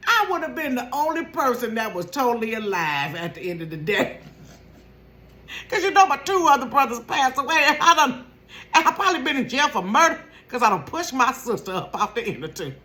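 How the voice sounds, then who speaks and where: Animated, laughing woman in her fifties. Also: a little fast. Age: 50s. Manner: animated, laughing, acts out quotes in a high voice; drops to a whisper at times. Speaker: vlogger telling a story. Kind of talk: casual storytime. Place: her bedroom.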